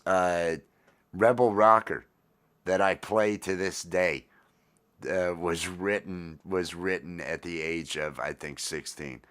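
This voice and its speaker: A man's voice: low-pitched, steady tone, slow pace, a bit bright, clean tone. A middle-aged man hosting a casual morning coffee livestream, rambling and self-deprecating with lots of fillers. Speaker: livestream host.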